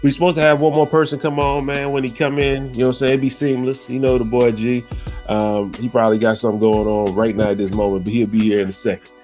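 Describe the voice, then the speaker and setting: A man's voice: medium pitch, level tone, quick pace, a little mellow, faint music behind. Laid-back man hosting a casual podcast. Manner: laid-back, says "you know what I'm saying" often. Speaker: podcast host.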